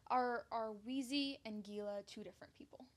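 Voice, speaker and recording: A woman co-hosting a podcast who asks quiet, curious questions. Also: on the high side, fairly even intonation, normal speed. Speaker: podcast co-host. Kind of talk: casual podcast chat.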